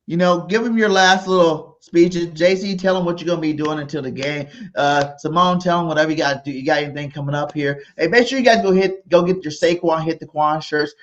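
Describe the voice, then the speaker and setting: A man co-hosting a sports podcast in a loud, animated voice, repeating his hot takes with hype. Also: on the high side, lo-fi sound. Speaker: podcast co-host. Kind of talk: hyped sports podcast chat.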